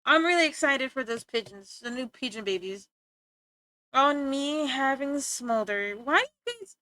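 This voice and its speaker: A woman's voice: sits high, measured pace, bright, forceful tone, no room sound. A young woman streamer chatting playfully with her viewers, teasing and giggling as she talks. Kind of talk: casual chat with stream viewers.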